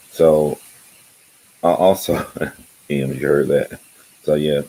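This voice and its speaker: Very deep-voiced man chatting casually. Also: a little mellow, slight background noise, rough recording. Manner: loose, rambling, laughs often. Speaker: YouTube channel host. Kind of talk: casual livestream chat.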